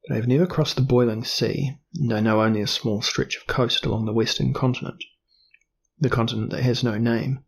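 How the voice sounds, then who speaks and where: A man voicing a cunning, curious explorer duke in a storybook reading, deliberate and probing. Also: medium pitch, fairly even intonation, creaky. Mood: genial. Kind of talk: audiobook character reading.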